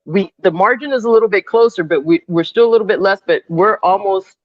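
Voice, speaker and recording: A woman in her fifties, a construction superintendent, telling animated stories in casual chat and dropping in Spanish phrases, on earbuds over a remote call. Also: mid-range voice, brisk, dry recording, dull audio.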